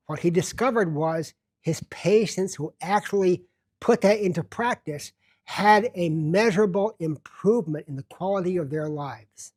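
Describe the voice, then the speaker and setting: Deliberate male self-help teacher. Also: sits high, a little mellow. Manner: deliberate, emphatic, slows down to stress key words. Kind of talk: self-help lecture to camera.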